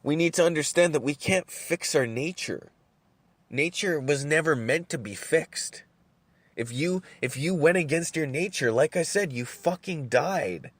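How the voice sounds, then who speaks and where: A man's voice: fairly high pitch, expressive, unhurried, no room sound. A man hosting a solo podcast, ranting in a rambling, profane way, often repeating words as he thinks, while he smokes and drinks coffee. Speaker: podcast host. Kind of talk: solo rant.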